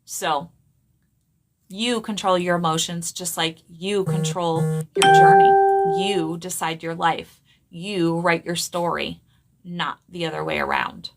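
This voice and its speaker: A woman's voice: on the low side, steady tone, takes it slowly, vocal fry, soft background music. A middle-aged woman giving an earnest, casual motivational talk as a spiritual speaker, often checking in with her listeners. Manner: conversational, earnest, with frequent tag questions.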